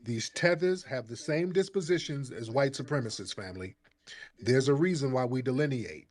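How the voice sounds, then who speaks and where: Call-in host, man, combative and mocking, mid-range voice. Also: medium pitch. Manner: combative, mocking, talks over the caller. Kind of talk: heated call-in debate.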